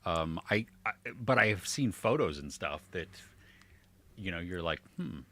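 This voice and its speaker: A man co-hosting a casual chat about movies and shows, lively and jokey, poking fun at himself. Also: low-pitched, moderate pace. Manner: lively, jokey, self-deprecating. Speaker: podcast co-host.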